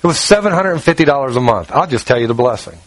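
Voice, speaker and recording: A pastor preaches a sermon in an animated, quick voice, telling a personal story in folksy fashion. He acts out quoted dialogue, reads scripture, and drops low for asides. The recording is rough, with no echo.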